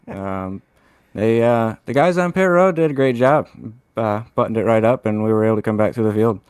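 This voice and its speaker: A man, a racing driver, giving a halting, laid-back post-race interview. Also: fairly low pitch, a little mellow, smooth, dry recording.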